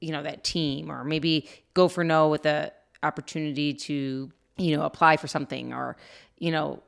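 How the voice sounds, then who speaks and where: A middle-aged woman co-hosting a podcast, telling a story in a lively, laughing way with lots of fillers. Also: low voice, moderate pace, creaky. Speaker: podcast co-host. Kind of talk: casual storytelling chat.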